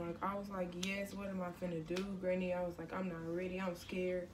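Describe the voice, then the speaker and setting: A teenage girl telling her story to the camera in a casual storytime vlog. Her speech is loose and slangy, and she jumps to loud exclamations. She sits a little back from the mic, with faint noise underneath. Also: lowish voice, level tone, a little fast, hardly any pauses, far from the mic. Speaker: vlogger.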